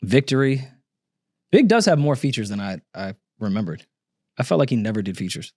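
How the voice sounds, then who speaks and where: A man hosting a podcast in casual chat, cracking jokes in quick banter. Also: medium pitch, very animated, darkish tone, no echo, studio quality. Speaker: podcast host.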